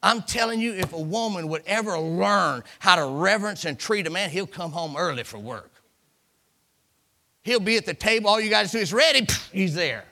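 Folksy preacher, lively voice. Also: male voice, sits high, normal speed. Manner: folksy storytelling, acts out voices, repeats words for effect. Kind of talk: sermon.

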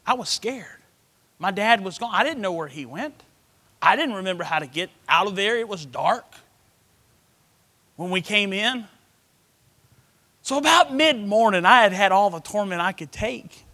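High, bright preacher man. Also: lively intonation, moderate pace, long pauses, big-room sound. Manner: emotional, swings from hushed to loud. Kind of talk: sermon storytelling.

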